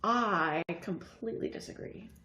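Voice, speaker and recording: A woman's voice: medium pitch, a little slow, background noise. A woman co-hosting a casual livestream, chatting and teasing playfully. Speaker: livestream co-host. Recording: echoey room.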